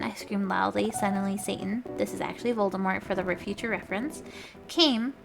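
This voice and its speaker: A woman streamer reading a story aloud for laughs, shouting the quoted lines over the top and breaking off for wry asides. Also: medium pitch, brisk. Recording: clear background music under voice. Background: background music.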